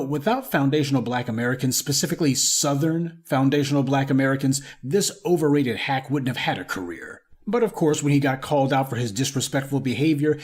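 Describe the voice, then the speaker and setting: Indignant man lecturing. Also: mid-range voice. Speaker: online commentator. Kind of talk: scripted commentary monologue.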